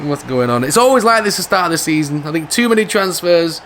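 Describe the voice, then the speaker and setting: A man's voice: fairly high pitch, quick pace, slight background noise. A man giving casual, jokey commentary over his own football video game. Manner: animated, jokey, football banter. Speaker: gaming video host.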